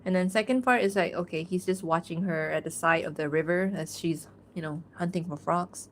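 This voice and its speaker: A woman's voice: fairly low pitch, a little fast, slight background noise. Young woman, casual stream chat, rambling, fillers, laughs often. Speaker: artist streaming a drawing Q&A. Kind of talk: casual livestream chat while drawing.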